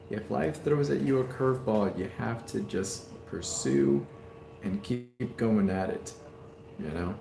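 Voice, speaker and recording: A man talks in a loose, rambling way from a hospital room. His voice is gravelly and sits at a middling pitch. The room echoes, with a faint hum behind him. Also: mellow. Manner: rambling, heartfelt, many fillers. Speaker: streamer. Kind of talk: casual live stream chat.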